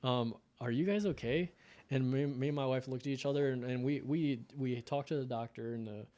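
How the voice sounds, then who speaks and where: A man's voice: mid-range voice, little pitch movement, a little fast, mellow. A man in his thirties from the United States, telling an emotional personal story in a casual podcast conversation. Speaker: podcast guest.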